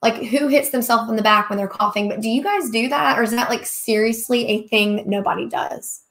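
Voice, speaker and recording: A woman's voice: on the high side, a little fast, fairly bright tone. A woman, chatting casually while hosting a live question-and-answer stream and laughing often. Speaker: livestream host, craft seller.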